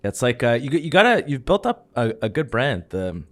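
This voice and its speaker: A man's voice: mid-range voice, moderate pace. A man from Canada hosting a podcast, chatting casually, asking short questions and telling his own story. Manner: relaxed, laughs along, asks short questions. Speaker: podcast host. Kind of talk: casual chat.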